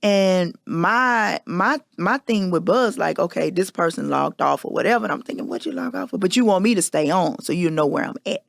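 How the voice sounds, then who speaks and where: Woman host, candid confessional monologue, gravelly tone, dry close recording. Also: on the low side, normal speed, few pauses, no echo. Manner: candid, emphatic storytelling. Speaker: podcast host.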